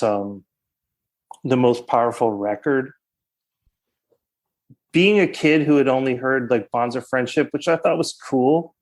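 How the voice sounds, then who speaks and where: Animated man chatting, lots of "like". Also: medium pitch. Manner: animated, swears, heavy use of "like". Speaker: podcast guest. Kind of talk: casual chat.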